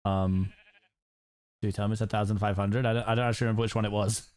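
A young man streaming a game, chatting with friends in a quick, joking way and tripping over his words. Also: on the low side, level tone, darkish tone, clear, resonant tone, dry recording. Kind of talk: casual gaming chat.

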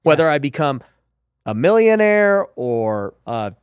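A man's voice: on the high side, sing-song, unhurried, clear, resonant tone, dry recording. Emphatic man hosting a podcast. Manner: emphatic, frequent "you know" and "right?". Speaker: podcast host. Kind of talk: casual faith and business talk.

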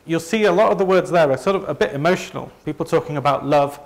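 A company presenter from Leeds, a northern English man with a Northern English accent, talks fast in a slightly high, gravelly voice. He gives a conversational presentation to a live audience, often putting himself down.

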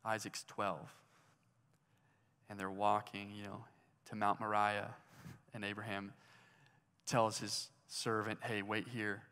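Slow-speaking male preacher in a hall. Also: lowish voice, completely flat delivery, pushed and bright, clean tone. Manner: conversational, asks the listeners questions. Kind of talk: sermon. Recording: hall reverb.

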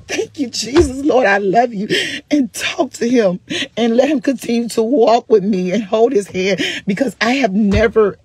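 A woman's voice: medium pitch, darkish tone, slightly rough, no echo. A grandmother speaking to her followers in a fervent, preacherly testimony, laughing and crying at once as she praises God. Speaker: vlogger.

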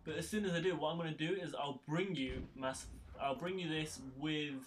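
A man's voice: on the high side, brisk, a little hiss or hum. A young man giving casual, rambling gameplay commentary, sounding tired and swearing when things go wrong. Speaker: gaming YouTuber. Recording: game music loud behind the voice. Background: game music and sound effects.

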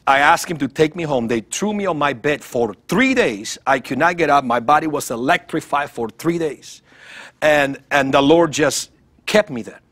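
Male guest for a TV interview, husky and animated, tells an emotional testimony. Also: a little high, moderate pace. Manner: animated storytelling, acts out voices, repeats words. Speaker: guest evangelist.

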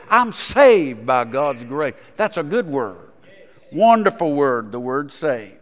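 A man's voice: fairly high pitch, very animated, slow, a bit bright. A man, a pastor preaching a sermon in a folksy storytelling manner and putting questions to the congregation. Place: church sanctuary. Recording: long reverb in a church sanctuary.

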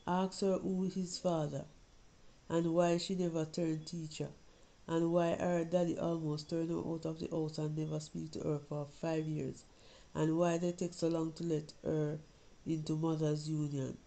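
A woman reading a story voices a sharp-tongued young village girl, scornful and mocking. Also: sits low, flat delivery, unhurried. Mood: taunting.

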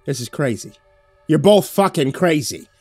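A man's voice: mid-range voice, sing-song, measured pace, a little mellow, breathy edge, no room sound, soft background music, pitched above the performer's own voice. A man voicing a blunt, hot-tempered British man who swears, in a spoken horror story. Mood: furious.

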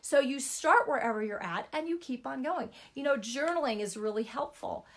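A woman's voice: high voice, animated, normal speed. A middle-aged woman giving an informal Christian teaching talk, chatty and emphatic, repeating words for stress.

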